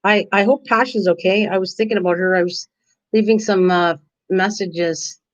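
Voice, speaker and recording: An older woman with a steady, mid-range voice at normal speed hosts a casual craft stream. She rambles chattily and answers viewers by name, and the audio is dull and lo-fi.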